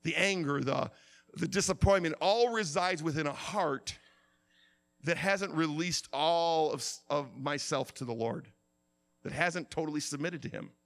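Impassioned high-voiced male preacher. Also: unhurried, gravelly. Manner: impassioned, swings from quiet to shouting. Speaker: pastor. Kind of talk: sermon.

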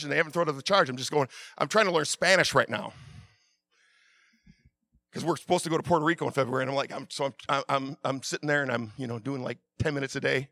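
High-voiced pastor preaching with bright energy. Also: male voice, gravelly, no echo. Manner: storytelling with many restarts, swings from loud urging to quiet asides. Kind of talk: sermon.

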